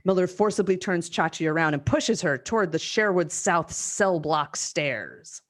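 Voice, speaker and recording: A woman hosting a live script reading over a video call, reading the stage directions in a brisk, amused way. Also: on the low side, animated.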